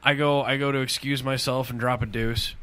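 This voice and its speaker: A man's voice: mid-range voice, little pitch movement, a little fast, pushed and bright, a little hiss or hum. A man hosting a podcast from his basement studio, chatting casually and telling rambling stories with plenty of swearing. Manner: profane, rambling storyteller. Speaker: podcast host. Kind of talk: casual chat.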